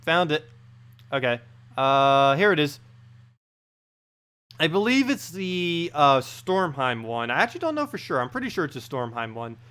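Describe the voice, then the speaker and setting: A man's voice: medium pitch, very animated, moderate pace, fairly bright tone, smooth. A man live-streaming a game in casual chat, reading out viewers' messages and laughing often as he talks. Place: home in South Carolina.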